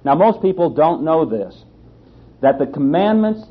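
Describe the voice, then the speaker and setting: A man's voice: on the high side, sing-song, a little slow, breathy edge. A man teaching a sermon on scripture, who speaks emphatically, repeats his key phrases and asks rhetorical questions. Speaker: Bible teacher. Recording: slightly dull lo-fi sound.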